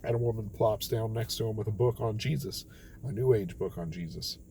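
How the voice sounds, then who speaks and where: A man's voice: fairly low pitch, brisk, mellow, a little hiss or hum, poor audio. A young man telling a rambling, self-deprecating story late at night, tired and quoting others as he goes. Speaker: vlogger.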